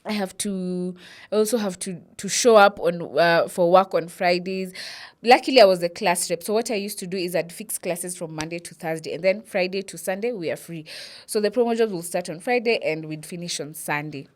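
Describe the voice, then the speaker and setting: A woman's voice: lowish voice, a little fast. A young Kenyan woman with a Kenyan accent, telling a personal story and switching between English and Swahili. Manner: animated, mixes English with Swahili, acts out quotes. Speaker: vlogger.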